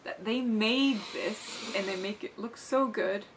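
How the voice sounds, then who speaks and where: A woman co-hosting a film review, chatting casually and emphatically, a little halting at times. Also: fairly high pitch, noisy background. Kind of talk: casual chat.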